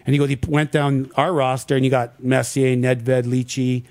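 A middle-aged man, a former pro hockey player, telling animated stories in an interview and acting out what people said. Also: medium pitch, moderate pace. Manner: animated anecdotes acting out quoted dialogue. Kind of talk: casual storytelling in an interview.

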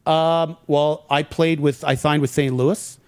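Middle-aged male ex-athlete guest; slightly higher voice, animated storyteller who acts out the dialogue, dry room. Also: a little slow, smooth, dry recording. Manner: animated anecdotes acting out quoted dialogue. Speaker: former pro hockey player, guest. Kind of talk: casual storytelling in an interview.

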